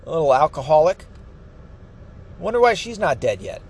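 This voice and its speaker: A man's voice: fairly high pitch, very animated, normal speed, a little mellow, slightly rough. A man ranting angrily about politics, swearing constantly. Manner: angry, profane, ranting. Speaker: political commentator. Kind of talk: profane political rant.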